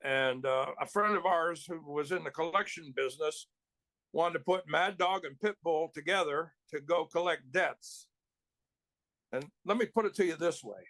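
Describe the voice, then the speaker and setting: A man's voice: a little high, moderate pace, fairly bright tone, no echo. A male actor telling rambling anecdotes in casual chat, with restarts and chuckles. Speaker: actor guest.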